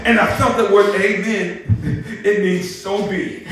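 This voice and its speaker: Worked-up preacher guy, high-ish voice, laughs a lot, mic kinda far off in a booming church. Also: slow pace, pauses often, noisy background. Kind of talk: sermon. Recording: echoey church, mic at a distance.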